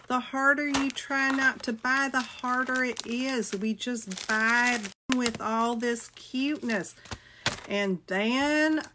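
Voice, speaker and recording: A woman's voice: fairly high pitch, pushed and bright, slight background noise. A middle-aged woman, chatting casually with viewers as she shows off a craft haul, gushing and greeting people by name. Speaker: crafting video host.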